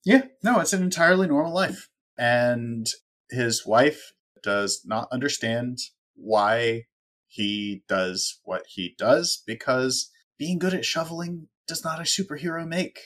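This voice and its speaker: A man's voice: mid-range voice, unhurried, fairly bright tone. A man co-hosting a casual talk show, making wry, sarcastic asides. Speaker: podcast co-host. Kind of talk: casual chat.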